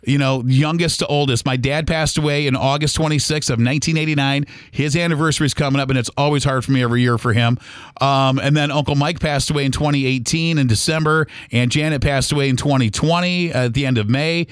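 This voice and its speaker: A man's voice: mid-range voice, fairly even intonation, fast talker, clean tone, no room sound, clean studio sound. A middle-aged man hosting a podcast, talking in a casual personal monologue that rambles with many restarts. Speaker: podcast host.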